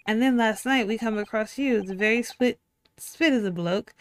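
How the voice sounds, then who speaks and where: A woman voicing a cheeky male thief from the game, with a put-on working-class London accent and rough slang. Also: fairly high pitch, normal speed, natural voice.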